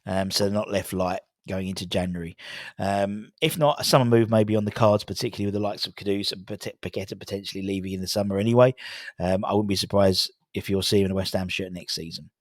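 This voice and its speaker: A man's voice: fairly low pitch, fairly even intonation, fast, no room sound, studio quality. A man hosting a football fan channel, chatting casually through transfer news with lots of ums and restarts. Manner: rambling, many fillers and restarts.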